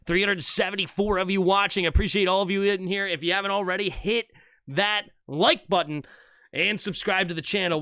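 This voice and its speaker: Here a young man's voice is high, clear and resonant as he livestreams fan commentary on an American football game, calling each snap and talking with viewers. His delivery is animated, jumping fast between play calls and chat, captured in clean studio sound without echo.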